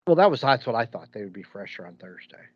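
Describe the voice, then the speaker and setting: Speaking fast with big pitch swings, this medium-pitched male co-host chats casually on a podcast, wandering through stories with lots of restarts. The audio has no echo but a dull, lo-fi quality.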